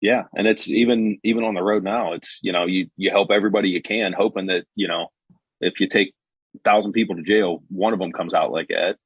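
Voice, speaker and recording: A patrol officer on a podcast, talking bluntly and casually, with some swearing. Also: male voice, low voice, fairly even intonation, fairly quick, husky, no room sound, dull audio. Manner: blunt, profane storytelling.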